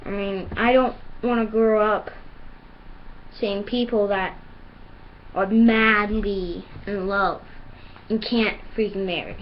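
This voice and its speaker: A woman's voice: mid-range voice, fairly even intonation, takes it slowly, pauses often. Brief: earnest woman vlogger ranting, dull lo-fi recording with faint hiss. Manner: earnest, emphatic. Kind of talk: video rant.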